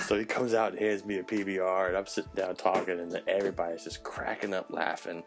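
Deep-voiced man telling rowdy stories. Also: normal speed, over music. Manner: animated storyteller, swears, acts out voices. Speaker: podcast host and chef. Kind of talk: casual storytelling chat.

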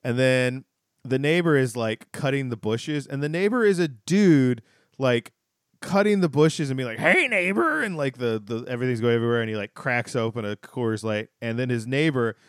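Male podcast co-host, smooth clear voice, dry close sound, loose rambling recap delivery. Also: mid-range voice, normal speed, dry recording. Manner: rambling, many restarts, laughing asides. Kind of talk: casual chat recapping a sitcom.

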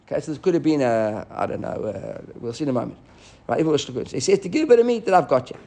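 A man teaching a Talmud class, animated and often restarting as he explains. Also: a little high, racing. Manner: animated, restarts often, mixes Hebrew and Aramaic terms.

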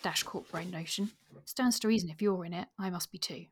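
A woman reading aloud the part of a plain-spoken, slangy young gentleman who proposes, in a soft, hushed voice. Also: fairly low pitch, brisk, breathy edge. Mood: earnest.

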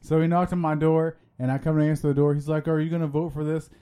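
Brief: fired-up, swearing man, slightly high voice, casual podcast banter. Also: little pitch movement, fast, warm tone, clear, resonant tone. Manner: profane, heated and emphatic. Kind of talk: casual group chat.

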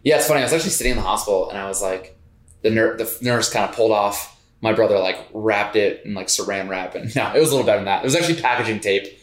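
A man on a podcast, telling a personal story in a casual, animated way and laughing as he goes. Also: on the low side, racing. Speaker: podcast co-host. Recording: roomy echo.

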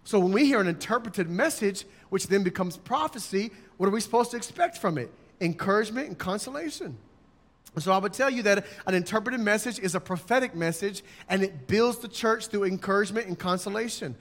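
Man, high voice, emphatic sermon delivery, long echo of a church hall. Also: expressive, brisk, fairly bright tone. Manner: emphatic, acts out examples in raised voices. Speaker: preacher.

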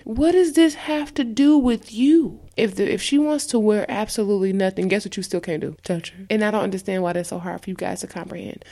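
A woman's voice: medium pitch, brisk, hardly any pauses, dark tone. A woman co-hosting a podcast, ranting in a heated, profane and emphatic way. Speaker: podcast co-host. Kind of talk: ranting casual podcast talk.

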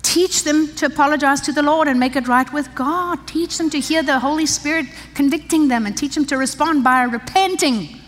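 Older female preacher, higher voice, emphatic and chatty, long hall reverb. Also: moderate pace, few pauses. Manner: emphatic, conversational preaching with asides. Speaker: pastor's wife preaching to women. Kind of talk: sermon. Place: church.

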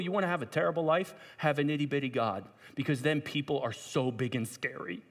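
A man preaching a sermon, retelling a story with lively asides to his listeners. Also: on the high side, a little fast, hardly any pauses. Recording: long hall reverb.

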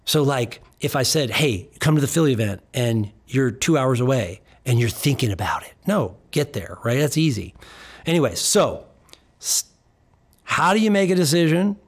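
A man in his fifties hosting a motivational podcast, emphatic and preachy, slowing down to stress key words and acting out his talks with clients. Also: medium pitch, animated. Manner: acts out dialogue with clients. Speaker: podcast host and practice coach.

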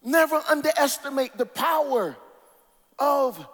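A male preacher with a strikingly high voice delivers a sermon in a rhythmic, sing-song cadence. He drops to a near hush, then rises to a shout, and draws out key words with long pauses. His voice rings with a long hall reverb. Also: lively intonation.

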